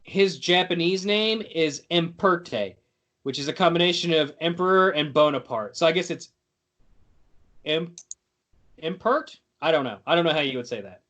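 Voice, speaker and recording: A man's voice: a little high, moderate pace, fairly bright tone. A male podcast host chatting casually, with a joking, rambling delivery. He wanders off topic and back while explaining the rules of a game to his guests.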